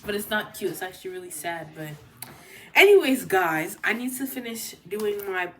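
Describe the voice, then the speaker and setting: A woman's voice: mid-range voice, big pitch swings, normal speed, bright, forceful tone. A young woman chatting casually to her camera at home, gushing about a book with lots of "like" and "literally.". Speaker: vlogger.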